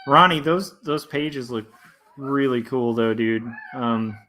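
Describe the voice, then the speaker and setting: A man in his thirties talks casually on a livestream while he works on his drawings at home. He rambles in a relaxed, friendly way, with lots of fillers and restarts. His voice sits in an ordinary middle pitch. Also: slow. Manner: relaxed and friendly, reads chat aloud. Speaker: comic artist streamer. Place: home studio indoors.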